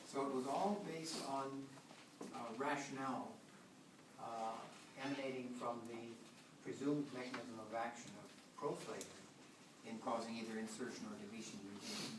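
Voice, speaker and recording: A man giving a classroom science lecture, explaining step by step and often restarting his sentences. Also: medium pitch. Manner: explanatory, thinks aloud with frequent restarts. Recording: echoey room, far from the mic, with noise.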